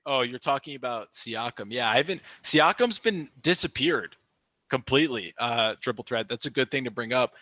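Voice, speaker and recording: A young streamer, animated and fast to rant, reacts to a basketball game and complains about calls with frequent fillers and restarts. It's excited play-by-play in a medium-pitched voice, with no room sound.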